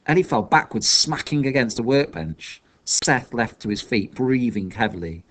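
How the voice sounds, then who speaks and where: A male audiobook reader narrating a novel with lively, rising and falling intonation. His voice sits at a middling pitch and tells the story expressively. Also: moderate pace. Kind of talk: scripted narration.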